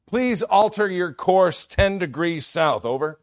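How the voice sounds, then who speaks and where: Preacher doing a bossy captain: loud, high, slow, insistent orders. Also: male voice, expressive. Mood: urgent. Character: stern commanding male ship captain.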